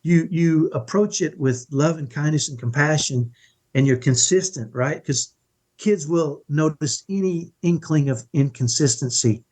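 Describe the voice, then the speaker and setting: Speaking a little slowly in a husky, somewhat high and slightly mellow voice, a middle-aged man explains a point like a parenting coach while guesting on a conversational interview. He stays earnest and emphatic, regularly asking "right?".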